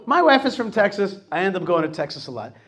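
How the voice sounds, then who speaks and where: A middle-aged man hosting a talk show, telling stories in a lively, animated way and acting out what people said to him. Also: high voice, fast talker, gravelly. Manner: animated storytelling, acts out quotes. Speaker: host. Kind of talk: casual radio talk.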